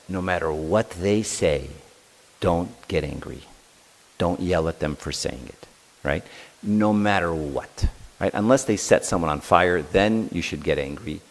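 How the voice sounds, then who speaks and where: Man, middle-aged, low voice, casual seminar talk, acts out dialogue, reverberant church hall. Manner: conversational, tags lines with "right?". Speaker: seminar speaker.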